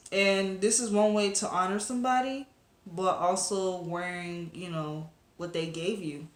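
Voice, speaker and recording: A woman's voice: mid-range voice, steady tone, unhurried. Chatty woman vlogger in an echoey room. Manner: chatty, rambling with fillers and asides to viewers. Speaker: webcomic reviewer. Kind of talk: casual recap chat to camera.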